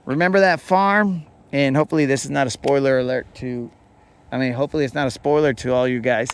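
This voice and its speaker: A man's voice: medium pitch, flat delivery, fast talker, smooth. A man hosting a fishing show who tells a rambling, playful story in casual slang. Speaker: fishing podcast host.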